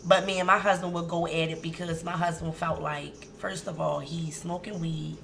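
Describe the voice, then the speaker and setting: Animated Baltimore woman co-hosting a radio show. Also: lowish voice, normal speed, gravelly, slight background noise. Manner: animated, repeats key phrases for emphasis. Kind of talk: casual talk radio discussion.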